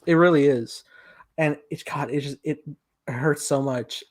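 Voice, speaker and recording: A man's voice: fairly high pitch, unhurried. A young man co-hosting a casual film review podcast, animatedly retelling scenes and acting out quoted lines. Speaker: podcast co-host.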